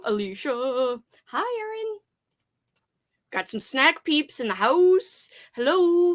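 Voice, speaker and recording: A woman hosting a casual livestream, bubbly and chatty, greeting viewers by name with loud sing-song hellos. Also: high-pitched, big pitch swings, slow. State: slightly out of breath after exercise. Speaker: livestream host.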